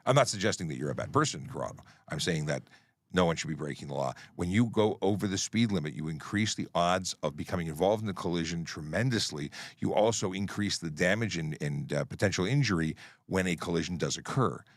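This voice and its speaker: A middle-aged traffic police officer hosts a livestream Q&A chat, scrolling through comments as he explains traffic rules firmly and plainly. His deep voice is animated and quick, with no room sound.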